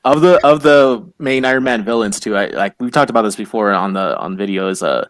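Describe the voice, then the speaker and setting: Earnest, hesitant low-voiced man. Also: lively intonation, a little fast, no echo. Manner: earnest, hesitant, many fillers. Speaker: co-host. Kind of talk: casual movie discussion.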